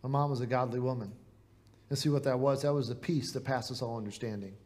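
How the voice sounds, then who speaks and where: A man's voice: mid-range voice, fairly even intonation, brisk, darkish tone. A man with a Midwestern American accent preaching a sermon in a church, earnest and conversational, asking the congregation rhetorical questions. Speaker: pastor.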